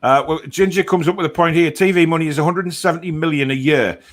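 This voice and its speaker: A man's voice: fairly high pitch, quick pace. A man hosting a casual fan phone-in, laid-back and jokey, often repeating his words. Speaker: host. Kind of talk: casual chat.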